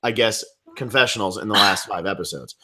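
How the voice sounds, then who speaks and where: A man co-hosting a fan show, chatting casually in quick back-and-forth with filler words. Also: fairly low pitch, pushed and bright. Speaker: podcast co-host.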